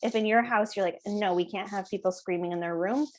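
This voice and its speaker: Woman, parenting educator; calm, conversational delivery, frequent check-ins with listeners. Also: medium pitch, a little fast. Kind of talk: explanatory talk to parents.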